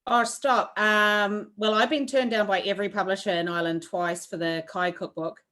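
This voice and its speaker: A woman's voice: medium pitch, steady tone, normal speed, fairly bright tone. A woman teaching a cooking class over a video call, chatty and rambling with lots of fillers. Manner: rambling, friendly, with filler words.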